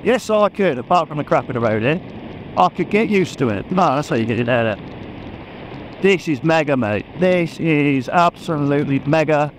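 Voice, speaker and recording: Excitable man on a motorbike. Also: a little high, moderate pace, a little hiss or hum, rough recording. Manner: excitable, chatty, laughs often. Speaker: motorcycle vlogger. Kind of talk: casual chat while riding. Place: on a motorbike on open country roads. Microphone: helmet-mounted action camera.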